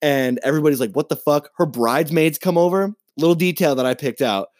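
A man co-hosting a podcast, ranting in a casual, profane and animated way as he retells a movie plot. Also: a little high, quick pace, no echo, clean studio sound. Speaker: podcast co-host. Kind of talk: casual chat.

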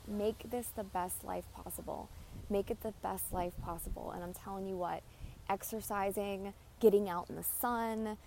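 A podcast host with a medium-pitched, darkish voice delivers a casual monologue of blunt, emphatic advice, frequently repeating herself. There's slight background noise in the recording.

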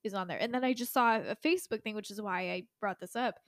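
A woman's voice: medium pitch, fast, a bit bright, no room sound, studio quality. A woman in her twenties, co-hosting a podcast in casual chat, giggly and full of "like" fillers. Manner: chatty, giggly, many "like" fillers. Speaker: podcast co-host.

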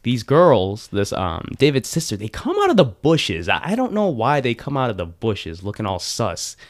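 A man's voice: mid-range voice, normal speed. A man in his late teens, chatting casually and retelling a story with lots of fillers and restarts. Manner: rambling, animated retelling with many fillers. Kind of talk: casual chat.

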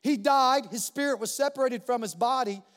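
A male pastor preaching a sermon in a church, animated and emphatic, repeating key phrases for weight. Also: extremely high pitch, normal speed. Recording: long reverb of a large hall.

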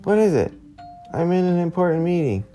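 A woman's voice: on the low side, expressive, brisk, dark tone, faint music behind, voice pushed up, natural voice. A woman voicing a hot-tempered male salamander king villain while reading a picture book aloud, with bossy, boastful threats. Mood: irritated.

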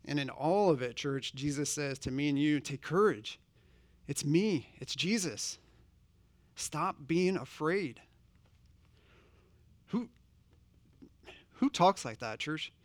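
Guy giving a sermon, kinda high voice, chatty, asks the church questions, dry sound. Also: lively intonation, slow pace, pauses often, no room sound. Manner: earnest, conversational preaching with direct questions to the congregation. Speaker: pastor.

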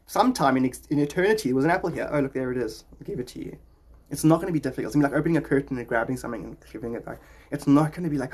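A man's voice: medium pitch, very fast, a little mellow, slightly rough. A man hosting a podcast, rambling in a jokey, philosophical way. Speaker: podcast host. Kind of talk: rambling casual talk.

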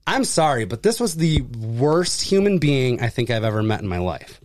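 A man telling a story in casual chat, acting out the people in it with jumps in voice and plenty of swearing. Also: moderate pace. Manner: animated, acts out quoted people with pitch jumps, swears freely. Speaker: furniture delivery and service worker.

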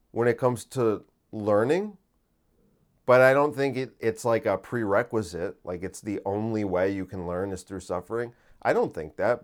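A man hosting a podcast, talking casually and incredulously, full of restarts and rhetorical questions. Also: medium pitch. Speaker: podcast host.

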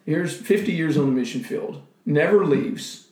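A man's voice: a little high, normal speed, echoey room, a crowd in the background. A man sharing an emotional missionary testimony in casual conversation, acting out his own prayers. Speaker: missionary guest.

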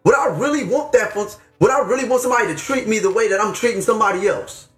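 Fervent high-voiced man preaching. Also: fast talker, a bit bright, reverberant, faint music behind. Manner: fervent, preachy, slangy, rising to exclamations. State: upset, near tears. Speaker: podcast host. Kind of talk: impassioned faith talk.

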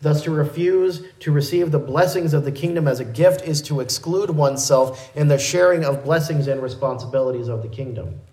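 A man's voice: on the high side, a little fast, few pauses, dark tone. A man preaching a sermon, explaining a passage in a teaching way and often correcting himself mid-sentence. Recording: echoey room.

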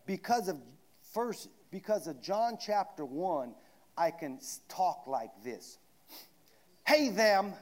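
A man preaching a sermon, swinging from shouted declarations down to hushed asides. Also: a little high, animated, slow.

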